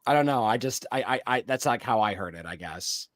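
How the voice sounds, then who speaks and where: A man's voice: on the low side, animated, a little fast, no room sound. Podcast co-host, male, casual rambling recap style, dry close sound. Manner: rambling, filler-heavy, many restarts. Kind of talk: casual chat recapping a TV episode.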